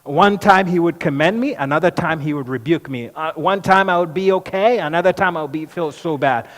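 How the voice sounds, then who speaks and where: A man's voice: a little high, fairly quick, fairly bright tone, close to an everyday voice. A man speaking in character as the apostle Peter, an outspoken, impulsive fisherman, in an earnest monologue that questions the audience directly. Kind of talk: dramatic first-person monologue. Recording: echoey hall reverb.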